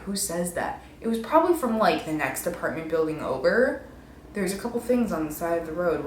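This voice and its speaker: A woman's voice: fairly low pitch, roomy sound, slight background noise. A young woman in her twenties telling stories on her vlog, rambling and poking fun at herself. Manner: rambling, self-mocking, many "like"s. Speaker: vlogger. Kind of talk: casual storytelling.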